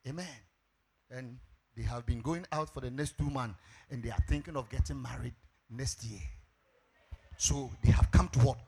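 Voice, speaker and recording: A middle-aged Ghanaian pastor preaching a sermon, telling a story with animated delivery and shouted emphasis. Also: male voice, mid-range voice, normal speed, long pauses, slightly rough.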